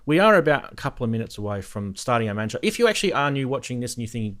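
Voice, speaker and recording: A man's voice: mid-range voice, big pitch swings, very fast, fairly bright tone. A man hosting a live synthesizer stream, chatting casually and laughing often as he greets viewers in the chat. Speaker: host of a live synthesizer show.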